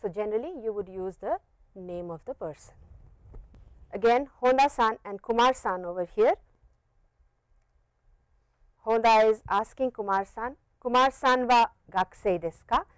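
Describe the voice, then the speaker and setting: A woman with an Indian English accent teaching a Japanese lesson, patiently repeating phrases slowly for learners. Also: on the high side, no echo, low-quality recording. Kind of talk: classroom lecture. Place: teaching studio with a board.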